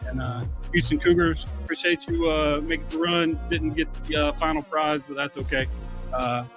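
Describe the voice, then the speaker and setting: A man opens his podcast in an easygoing, casual way, pausing often on fillers. His pitch stays flat and even, with faint music underneath. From Kentucky. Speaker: podcast host. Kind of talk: casual show opening.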